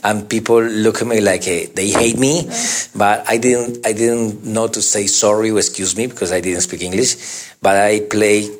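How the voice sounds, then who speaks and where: Man telling his story in broken English. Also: fairly low pitch. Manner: halting, broken English with restarts; lively, acts out the voices of people in his stories. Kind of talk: casual storytelling interview.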